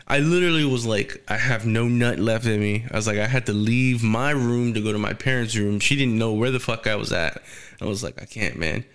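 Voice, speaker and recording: A man's voice: fairly low pitch, brisk, smooth. A young man telling a rambling, crude story in casual podcast chat, swearing and laughing often. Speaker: storyteller guest.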